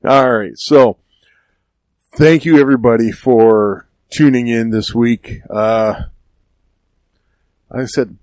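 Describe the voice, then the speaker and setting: A man's voice: medium pitch, fairly even intonation, takes it slowly, pauses often, darkish tone, no echo. A man co-hosting a podcast casually, with a dry, teasing sense of humor. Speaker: podcast co-host.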